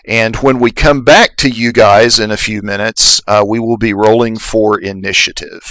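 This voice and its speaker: A man narrating as game master of a tabletop game, relaxed and halting, with many fillers. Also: on the low side, no room sound, low-quality recording.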